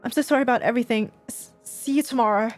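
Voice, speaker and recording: A woman's voice: a little high, quick pace, a little mellow, faint music behind, natural voice. A woman voicing a dejected, self-hating teenage boy in a visual novel, speaking in despair. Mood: apologetic. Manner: despairing, hopeless self-loathing. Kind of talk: voiced visual novel reading.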